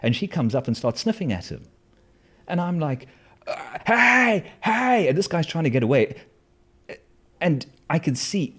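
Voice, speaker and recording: A man's voice: mid-range voice, a little mellow. A man telling a personal story in a casual, wry, self-mocking way, with lots of fillers and restarts.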